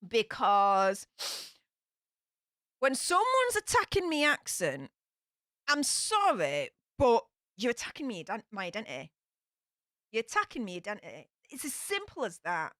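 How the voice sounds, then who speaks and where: A young woman with a broad Yorkshire accent talks frankly to her stream, rambling through fillers and sighs. Her pitch sits fairly high and swings widely. The sound is close and dry, with no room echo. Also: wildly swooping pitch, a little slow, fairly bright tone. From Yorkshire, England. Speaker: YouTube streamer. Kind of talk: casual live-stream chat.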